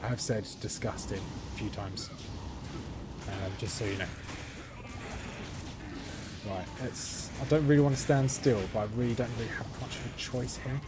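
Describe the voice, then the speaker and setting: A man's voice: medium pitch, normal speed, long pauses, over loud music. A young man giving live commentary while streaming a game, thinking aloud in a chatty way with frequent ums and restarts. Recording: steady background noise.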